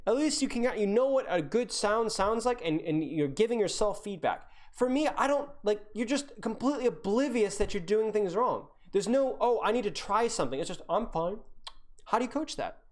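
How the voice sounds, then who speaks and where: A young woman breaks down a player's match on stream, ranting one moment and cheering good plays the next. Her pitch swings widely as she repeats lines to hammer them home. She sits at a mid-range pitch for a woman. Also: lively intonation, moderate pace, few pauses, darkish tone. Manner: ranting, exasperated, repeats points for emphasis. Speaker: game coach and streamer. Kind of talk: live-streamed gameplay review.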